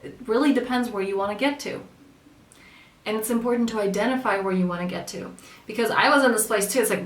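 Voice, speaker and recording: A woman's voice: mid-range voice, quick pace. A woman coaching in an earnest, conversational way, sometimes acting out the voices of people she quotes. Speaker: spiritual coach. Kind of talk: casual spoken coaching talk. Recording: echoey room, mic at a distance.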